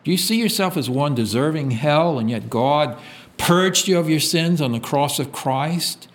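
A man's voice: lively intonation, measured pace. A man preaching a sermon, reading scripture aloud and asking his listeners to fill in the words. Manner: call-and-response questions, reads scripture aloud; swings from loud emphatic peaks to quiet low drops.

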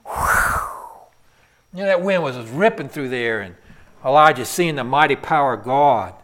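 A man preaching a sermon in an animated storytelling way, swinging from loud to soft. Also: mid-range voice, moderate pace.

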